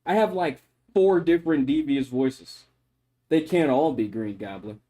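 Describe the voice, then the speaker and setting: A man, a streamer, chatting casually on a livestream in an animated, mock-solemn lecturing way. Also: fairly high pitch, unhurried. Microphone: microphone.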